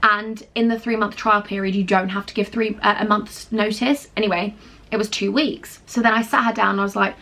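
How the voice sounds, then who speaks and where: A woman's voice: mid-range voice, fairly even intonation, a little fast, sharp tone. A young woman, telling a storytime to camera at home in a chatty, emphatic, gushing way. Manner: chatty, emphatic, gushing, talks straight to viewers. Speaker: vlogger. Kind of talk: casual storytime chat to camera.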